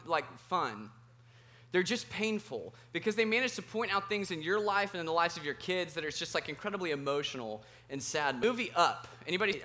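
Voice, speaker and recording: A man in his thirties preaching to a live audience in a meeting room, praying and then telling funny stories while quizzing the crowd. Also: high voice. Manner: animated and self-deprecating, asks the audience questions. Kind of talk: sermon with prayer and humorous storytelling.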